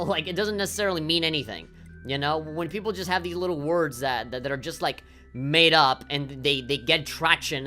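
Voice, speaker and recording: A woman's voice: low voice, bright, forceful tone. A woman game streamer ranting on a livestream, swearing often and heated, with lots of fillers.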